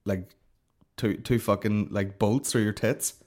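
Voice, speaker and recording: A young man hosting a comedy podcast, telling a story in a profane, animated rant full of fillers. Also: medium pitch, moderate pace.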